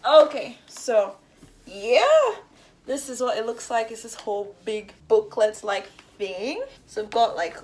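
A young woman with a fairly high voice vlogs from home, gushing and gasping over a makeup unboxing. A faint hiss of noise sits under her voice. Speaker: beauty vlogger. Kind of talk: excited unboxing vlog.

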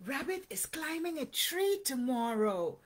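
A woman's voice: high voice, sing-song, extremely slow, fairly bright tone, slight background noise, pitched above the performer's own voice, exaggerated voice. A woman reading the lines of a prim duck in a children's storybook, disapproving and scolding.

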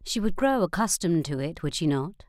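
Give me a woman with a low voice narrating an audiobook, dry close sound. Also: dry recording. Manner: measured, even.

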